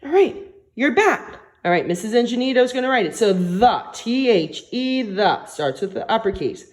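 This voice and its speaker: A woman teaches phonics to small children on a recording, reading out words and sentences at a gentle, patient pace and praising them often. She speaks at medium pitch with a sing-song lilt.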